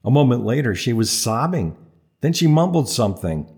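A man's voice: mid-range voice, big pitch swings, moderate pace, gravelly, a little mellow. A man narrating a comic story in a wry, dryly humorous manner. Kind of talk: audiobook narration.

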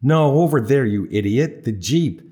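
A man's voice: mid-range voice, expressive, a little slow, dark tone, lightly acted. A man reading an audiobook, voicing an insistent, wheedling young man in a story. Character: young man, pushy eager friend.

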